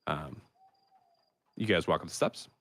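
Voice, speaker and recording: A young man narrating as game master, describing scenes haltingly with many fillers. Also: a bass voice, a bit bright.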